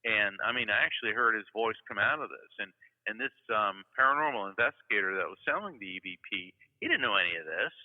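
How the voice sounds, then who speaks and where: A man's voice: lowish voice, animated, quick pace. A middle-aged man from Florida, a psychic medium guest, telling stories earnestly in an interview conversation. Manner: earnest storytelling, acts out quoted voices. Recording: tinny phone-like sound with long reverb.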